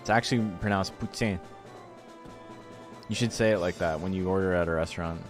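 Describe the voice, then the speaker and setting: Laid-back man, lower voice. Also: fairly quick, music in the background. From Canada. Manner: loose and profane, laughing often. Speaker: streamer and tournament commentator. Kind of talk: casual stream commentary.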